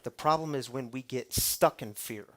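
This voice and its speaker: A man preaching to a live audience, conversational, dropping from loud bursts to near whispers. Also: mid-range voice, moderate pace. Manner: dramatic shifts from loud to hushed; conversational, calls the audience y'all. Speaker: pastor. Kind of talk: sermon.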